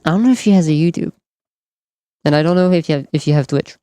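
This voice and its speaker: A man's voice: a little high, fast, warm tone, clean tone, dry recording. A man whose first language is French, speaking with a light French accent. He chats with his stream while gaming, joking, swearing and laughing often, and he sounds tired from staying up all night. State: tired from no sleep. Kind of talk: casual gaming stream chat.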